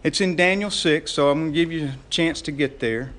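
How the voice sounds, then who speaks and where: A man preaching a sermon as pastor, telling the story in a lively way with frequent laughs and rhetorical questions. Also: a little high, fairly quick.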